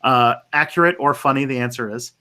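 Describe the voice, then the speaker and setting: An easygoing man hosts a casual live stream, chatting loosely and improvising as he goes. His voice sits at a middling pitch for a man. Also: a little fast, sharp tone.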